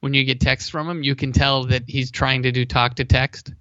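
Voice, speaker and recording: A man from Massachusetts co-hosting a sports show, telling rambling, animated stories in casual chat. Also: mid-range voice, moderate pace, no room sound, highs cut off. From Massachusetts, USA.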